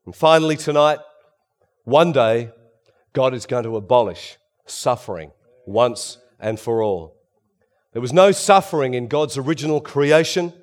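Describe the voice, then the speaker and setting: A man preaching a sermon, swinging between loud emphasis and hushed, quiet passages. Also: medium pitch, animated, measured pace.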